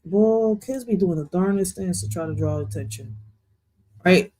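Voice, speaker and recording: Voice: medium pitch, moderate pace, warm tone, low-quality recording. Rambling reaction host. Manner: rambling, slangy, restarts a lot. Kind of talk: casual reaction commentary.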